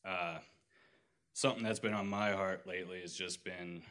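A man's voice: low-pitched, steady tone, moderate pace, fairly bright tone. A man speaking earnestly in a casual church group discussion about faith and truth. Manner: earnest, retells scripture with acted quotes.

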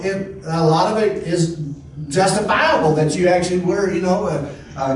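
A man preaching a sermon as pastor, in a folksy conversational way with frequent restarts. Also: high voice. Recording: echoey hall, distant mic, faint noise.

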